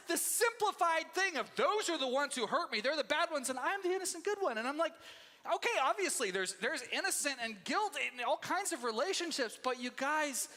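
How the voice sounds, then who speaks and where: A male pastor preaching a sermon with a high, bright, forceful voice that rings through a reverberant church hall. He talks to the congregation like friends, swinging between intense, loud bursts and hushed, intimate asides. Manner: conversational, addresses congregation as "you guys". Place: church sanctuary.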